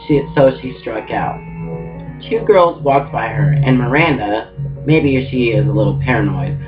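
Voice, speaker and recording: Casual male book reader; medium pitch, dull sound with guitar under. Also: lively intonation, unhurried. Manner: casual reading with small restarts and asides. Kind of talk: audiobook reading. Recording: muffled with guitar music.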